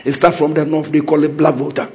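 A man with a Ghanaian English accent preaching a sermon with fervent, rising declarations that often break into shouts. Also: on the high side, flat delivery, quick pace.

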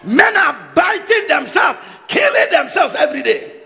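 A man preaching a sermon in an animated way, shouting and mocking people's voices. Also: very high-pitched, moderate pace, vocal fry, a faint crowd.

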